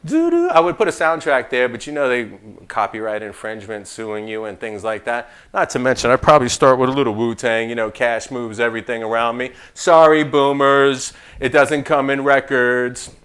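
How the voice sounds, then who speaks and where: A man teaching an insurance licensing class in a casual, joking way, with animated asides and playful trash talk. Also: medium pitch, a little fast, few pauses, clean tone.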